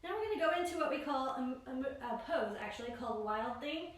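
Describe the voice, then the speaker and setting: A woman leads a yoga class with a bright, high voice, calling out each pose and breath in a steady rhythm. She sits well back from the microphone. Her voice rings through a strongly echoing room. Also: brisk. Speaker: yoga instructor. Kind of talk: guided yoga class instruction. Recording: very echoey room, voice far from mic.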